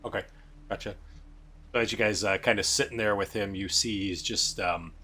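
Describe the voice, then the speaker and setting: A man narrating as game master in a relaxed, rambling way with many fillers. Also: lowish voice, normal speed, slight background noise.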